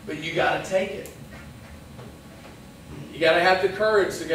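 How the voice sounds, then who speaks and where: A man's voice: high voice, steady tone, normal speed, pauses often, a bit bright, very echoey, distant mic, slight background noise, poor audio. A man giving a casual, conversational sermon to young people, acting out little quoted lines as he goes. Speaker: pastor. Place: church hall.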